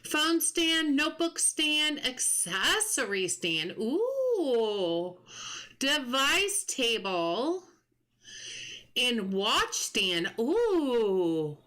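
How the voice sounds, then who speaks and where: A woman live-streaming a game in a bright, fairly high voice that swoops up and down a lot. She talks in an unhurried way, thinking aloud about the game and stopping to greet viewers by name. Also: big pitch swings. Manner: chatty, muses aloud and greets viewers from chat. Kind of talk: casual live gameplay chatter.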